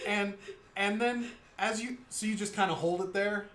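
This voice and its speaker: A man's voice: high-pitched, steady tone, normal speed, a bit bright, echoey room, a little hiss or hum. A man narrating a tabletop game as game master, playful and rambling.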